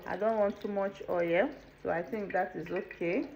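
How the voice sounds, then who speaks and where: Filmed in a home kitchen, this cooking channel host talks through every step of her tutorial casually, pausing to check on the viewer. Her voice is medium-pitched and creaky with a darkish tone, delivered at a normal speed with fairly even intonation. Faint room noise runs under the dull, lo-fi home video audio.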